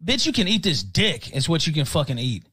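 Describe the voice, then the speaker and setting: A man rants in fury, hurling insults in a profane tirade. His voice is bright and tense, pitched a little high. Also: big pitch swings, brisk, slightly rough, rough recording. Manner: ranting, furious and profane. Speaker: streamer in played clips. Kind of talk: angry rant.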